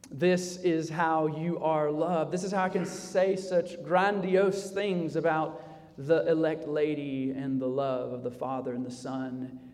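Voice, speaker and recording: A male pastor preaching a sermon, dropping low and quiet, then rising loud for emphasis. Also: long reverb tail. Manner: preaching with sharp swings between soft low passages and loud raised emphasis. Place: church sanctuary.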